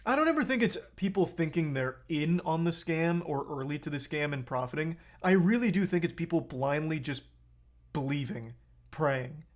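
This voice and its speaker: A man's voice: a little high, animated, moderate pace. A man streaming a casual reaction to a video, blunt and profane, who gets heated as he comments.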